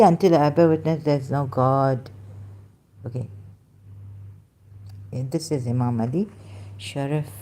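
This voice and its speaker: A woman giving halting, emotional religious commentary, searching aloud for verses and near tears at times. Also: deep voice, warm tone. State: close to tears.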